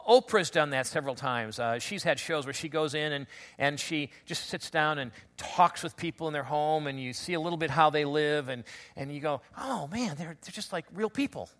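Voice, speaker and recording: A man preaching a conversational sermon, telling stories with lots of restarts and animated asides. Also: fairly high pitch, normal speed. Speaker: pastor.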